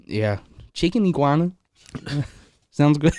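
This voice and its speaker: A podcast host with a notably high voice that swings up and down all the time. He banters in a teasing, profane way and slides into mock-angry rants. The sound is dry and close, with no room echo. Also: lively intonation, slow pace, a little mellow. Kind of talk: joking casual chat.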